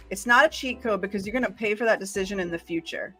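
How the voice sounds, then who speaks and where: A woman's voice: mid-range voice, fast, a bit bright, faint music behind. A woman co-hosting a casual college library live stream, playful and teasing. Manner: playful, laughs often, teasing.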